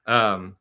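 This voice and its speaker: Bright-voiced chatty male streamer. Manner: chatty, animated storytelling with many fillers; reads and answers viewer comments. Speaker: live stream host. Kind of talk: casual live stream chat.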